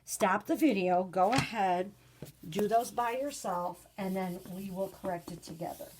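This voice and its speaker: A woman teaching a recorded grade-school lesson, patient and clear, sometimes reading example sentences with lively exclamations. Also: medium pitch, unhurried, background noise. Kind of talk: recorded video lesson for children.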